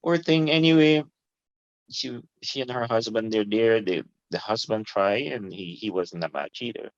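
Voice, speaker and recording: A middle-aged man, a guest telling his story in an animated, informal way and laughing easily. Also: lowish voice, normal speed, no room sound. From Guyana. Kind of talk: casual interview storytelling. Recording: dull lo-fi, dry.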